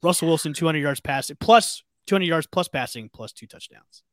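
Male podcast host, casual sports talk, fairly high pitch, dry room. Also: lively intonation, a bit bright, no room sound. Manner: runs segments, quick okays and all rights.

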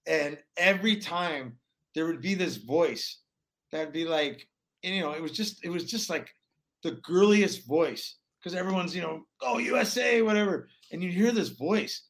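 A man in his forties, a former pro hockey player from Alaska, telling stories in a rambling, animated way with many restarts. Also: a little high, moderate pace, gravelly. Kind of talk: casual storytelling interview.

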